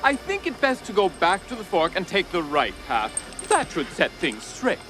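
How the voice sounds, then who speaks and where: An actor playing a lost, courteous old-fashioned gentleman who speaks in formal period phrasing. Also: sits high, huge pitch swings, moderate pace, faint music behind, exaggerated voice. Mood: polite, lost. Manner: formal, polite period-style speech.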